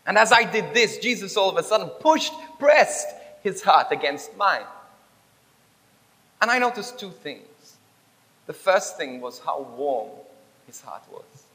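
Bright-voiced preacher giving testimony in a hall. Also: male voice, on the high side. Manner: emphatic and repetitive, swinging between loud and hushed. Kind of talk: sermon testimony.

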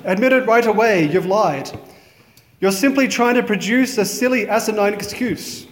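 A man's voice: high-pitched, moderate pace, reverberant, long reverb tail, close to an everyday voice. A man voicing a stern mother who scolds her greedy child. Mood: scolding. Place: chapel.

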